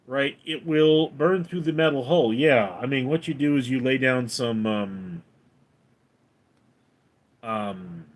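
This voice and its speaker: A man hosting a livestream, reading viewer comments aloud and answering them in a deadpan, offhand way. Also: medium pitch, takes it slowly, long pauses. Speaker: livestream host reading chat. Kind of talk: casual livestream chat.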